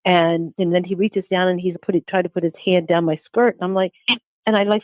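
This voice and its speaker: A woman in her sixties recounts her story as an interview guest, her voice sitting low. She speaks haltingly, repeating words and restarting phrases. The sound is dry and close, with no room echo. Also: steady tone, a little mellow. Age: 60s. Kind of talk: personal testimony.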